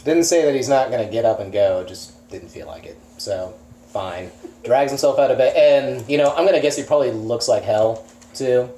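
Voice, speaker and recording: Expressive male player, mellow timbre, recorded in a roomy space. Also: mid-range voice, normal speed, a little hiss or hum. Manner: animated, describes his character in third person. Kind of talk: tabletop role-play chat. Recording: echoey room.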